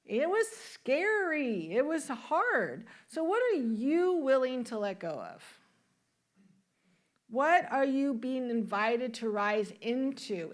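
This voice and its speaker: A woman minister delivers a sermon in a church sanctuary, her voice sitting a little higher than most. She preaches in a warm, conversational way and asks her listeners question after question. Now and then she laughs along with them.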